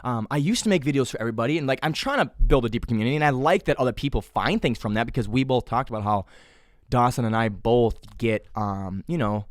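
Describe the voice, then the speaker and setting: A man's voice: medium pitch, fast, no room sound, clean studio sound. A young man hosting his own podcast, talking casually in a rambling way, swearing often and mocking himself in a whiny voice. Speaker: podcast host. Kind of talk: casual solo podcast monologue.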